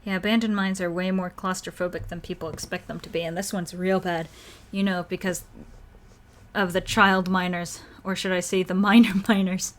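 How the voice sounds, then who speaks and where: A woman's voice: fairly low pitch, level tone, normal speed, close to an everyday voice. A woman voicing a cheeky young female ghost hunter in a video game, joking and offhand. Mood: teasing.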